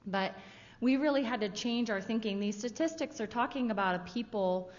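A woman's voice: a little high, normal speed. A woman giving a casual, conversational missionary presentation to a church audience. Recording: dull sound with long hall reverb.

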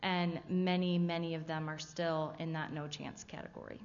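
A woman's voice: low-pitched, level tone, normal speed, a little hiss or hum. A woman giving a casual, conversational missionary presentation to a church audience. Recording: dull sound with long hall reverb.

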